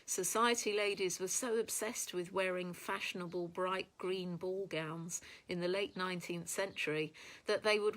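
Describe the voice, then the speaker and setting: Lady reading a kids book aloud, lowish voice, steady. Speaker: storybook reader.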